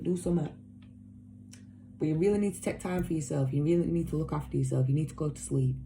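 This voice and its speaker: A woman's voice: deep voice, quick pace, over music. A woman giving a casual tarot reading to her viewers, talking emphatically and bluntly, swearing, repeating herself and caring. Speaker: tarot reader.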